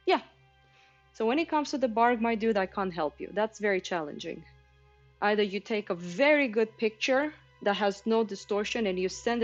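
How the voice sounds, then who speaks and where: A woman's voice: medium pitch, darkish tone. Give me a woman in her thirties casually teaching drawing to stream viewers, slightly dull sound with faint background music. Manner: chatty, explanatory, talks to viewers in chat. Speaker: art teacher streaming a painting session.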